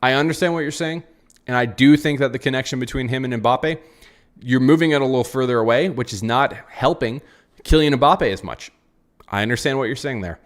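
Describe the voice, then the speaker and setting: A young man reacts live after a football match in an even, mid-pitched voice. He sounds frustrated and rambles, circling back over the same phrases and answering viewers' comments as they come in. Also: brisk. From United States. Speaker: football channel host. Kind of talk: live post-match reaction reading chat.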